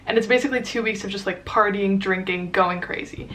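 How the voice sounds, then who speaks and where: A woman's voice: medium pitch, fairly bright tone, slight background noise. A young woman vlogging, telling a dating story in a casual, chatty way with lots of fillers. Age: young adult. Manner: chatty, fast and filler-heavy, acts out quotes.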